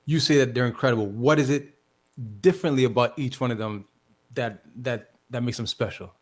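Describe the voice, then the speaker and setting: A man's voice: medium pitch, fairly quick. A man hosting a casual podcast who presses a guest with follow-up questions.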